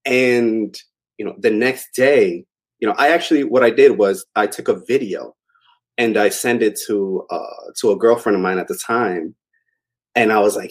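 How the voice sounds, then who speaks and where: A man's voice: on the low side, moderate pace, slightly rough. A young adult man telling a long personal story in a casual, rambling way, with many fillers. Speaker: interview guest.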